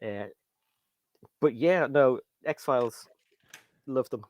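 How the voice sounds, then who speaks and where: A man's voice: mid-range voice, slow, dry recording, muffled recording. A man with a British accent hosting a casual livestream chat, rambling and reading viewer comments aloud. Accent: British English. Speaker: livestream host.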